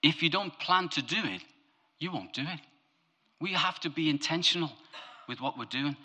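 A man preaching a lively, humorous sermon, his voice climbing to emphatic high peaks and dropping low for asides. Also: normal speed.

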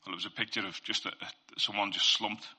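A man's voice: on the low side, little pitch movement, fast, sharp tone, husky. A man giving an informal Christian faith talk. He speaks earnestly and conversationally, sharing testimony and addressing listeners directly.

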